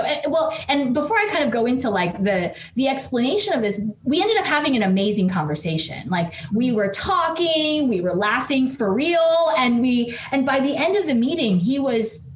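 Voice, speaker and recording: A woman researcher telling a lively story as an interview guest, with plenty of "like"s and restarts. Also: sits high, echoey room, slight background noise. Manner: lively anecdote full of "like" and restarts. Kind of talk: storytelling in conversation.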